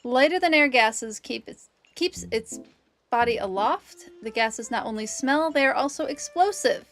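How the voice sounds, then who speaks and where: A woman's voice: a little high, expressive, measured pace, fairly bright tone, faint music behind. A woman streaming a video game, chatting casually and nerdily with her viewers and laughing often. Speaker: streamer and biologist. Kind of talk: casual game livestream chat.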